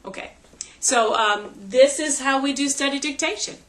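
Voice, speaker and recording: A woman's voice: high voice, normal speed, fairly bright tone. A middle-aged woman, a homeschool teacher, giving a patient step-by-step classroom demonstration and checking in with "okay?".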